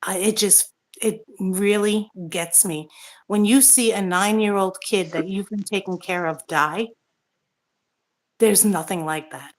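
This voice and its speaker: A woman's voice: medium pitch, measured pace. A middle-aged woman hosting a casual talk show, ranting angrily and swearing as she reads out viewer comments. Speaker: host. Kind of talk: casual chat.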